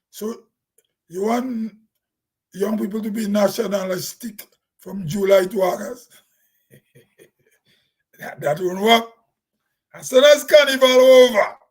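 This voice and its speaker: A man's voice: high-pitched, slightly rough, poor audio. A Grenadian man talking plainly in a casual, rambling vlog monologue, laughing to himself now and then. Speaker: vlogger.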